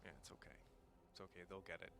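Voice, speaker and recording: Canadian male stream co-caster, bright forceful voice, teasing banter. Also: fast talker. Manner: jokey, playful teasing. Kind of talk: casual commentary banter.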